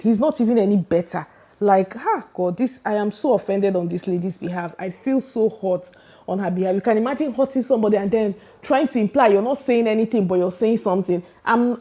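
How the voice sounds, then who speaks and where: Indignant woman vlogger, mellow voice. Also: mid-range voice. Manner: emphatic, indignant, rhetorical questions. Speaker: celebrity gossip vlogger. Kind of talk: casual opinion rant.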